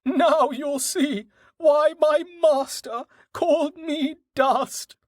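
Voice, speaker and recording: A man voicing a clever, playful male horse in an audiobook, in a high, drawn-out, teasing voice. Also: steady tone, no room sound, studio quality, heavily acted. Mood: gleeful.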